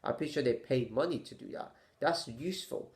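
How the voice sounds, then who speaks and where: Speaking in a mid-range voice, a man shares his opinions on camera in a stammering, halting manner. Exasperated sighs and a volley of rhetorical questions punctuate his vlog.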